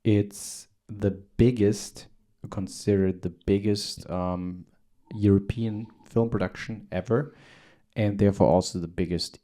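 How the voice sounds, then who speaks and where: A man's voice: lowish voice, steady tone, unhurried, dark tone. A man co-hosting a film podcast in casual, playful chat, often restarting his sentences. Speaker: podcast co-host.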